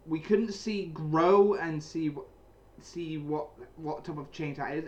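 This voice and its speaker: This man's voice sits fairly high and sounds a little mellow, with a lo-fi quality to the recording. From a small, chilly room at home with a heater on, he rambles casually through a recap and review of a comic chapter, restarting frequently and repeating himself.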